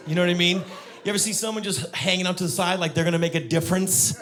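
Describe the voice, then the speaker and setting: A male stand-up comedian performing a set on stage, acting out characters with sudden high-pitched shouts. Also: fast, pauses often. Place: comedy venue with audience.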